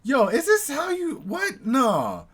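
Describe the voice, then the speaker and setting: A man's voice: very high voice, wildly swooping pitch, takes it slowly, fairly bright tone, slightly rough. An American man casually reacting to a video, musing aloud and chuckling.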